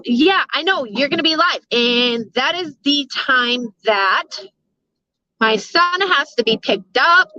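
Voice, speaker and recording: A woman's voice: high voice, bright, forceful tone. A middle-aged woman chatting casually with her live viewers, rambling, swearing freely and laughing often. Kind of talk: casual live-stream chat. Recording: dull, lo-fi sound.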